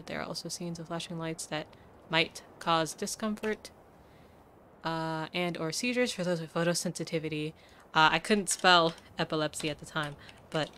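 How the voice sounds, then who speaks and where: A woman's voice: sits low, bright, forceful tone, slight background noise. Chatty young woman streamer. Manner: rambling, laughing, lots of "like" and "um". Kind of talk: casual live game stream chat.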